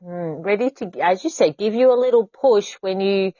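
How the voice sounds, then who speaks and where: An Australian woman hosts a relaxed conversation, animated and laughing often. Her voice sits in a middle register. The sound is dry and a little dull. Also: mid-range voice, moderate pace, no echo. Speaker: podcast host. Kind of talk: casual interview chat.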